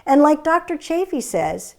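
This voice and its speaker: A woman's voice: high-pitched, sing-song, moderate pace, creaky, a little mellow. A woman hosting a casual chat about diet, talking in an earnest, emphatic, persuasive way. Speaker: host.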